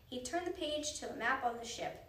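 A woman reading a children's book aloud in a gentle, expressive way. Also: sits high, fairly quick, roomy sound, far from the mic. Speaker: reader.

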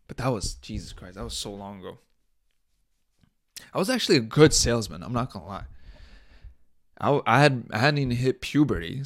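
A man's voice: fairly low pitch, no echo. Profane man telling stories, dry sound. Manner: profane, laughing often. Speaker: podcast host. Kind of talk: casual storytelling.

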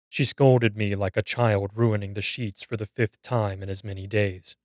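A man narrating a scripted horror story in a measured, grave reading. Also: fairly low pitch, fairly even intonation, no room sound, studio quality.

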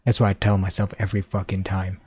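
A young man hosting a casual solo podcast, rambling and swearing, dropping to mumbles and then bursting out loud. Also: low-pitched, monotone, fast, slightly rough. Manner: rambling, profane, swings between mumbling and loud outbursts. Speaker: podcast host.

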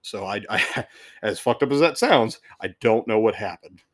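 A man's voice: on the low side, expressive, moderate pace. A man hosting a podcast, telling a work story in a casual, rambling way with swearing, restarts and chuckles.

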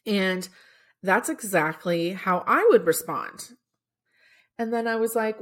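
This woman's mid-range voice moves slowly, with frequent pauses, as she hosts her podcast. Telling a story chattily and loosely, with lots of fillers, she's sometimes choked up.

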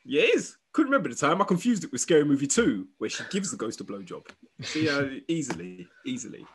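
A man's voice: a little high, very animated, fast, husky. A man co-hosting a casual chat, swearing freely and laughing as he riffs on jokes. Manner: swears a lot, laughs often, slips into shouted impressions. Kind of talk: crude comedic banter.

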